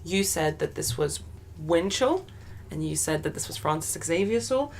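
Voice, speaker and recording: A woman with a lowish voice hosts a casual quiz among friends on a podcast. She reads out clues and answers in a steady, plain way. There is a faint hiss of noise under the recording. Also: moderate pace. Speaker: quiz-running podcast co-host. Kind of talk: casual chat hosting a quiz.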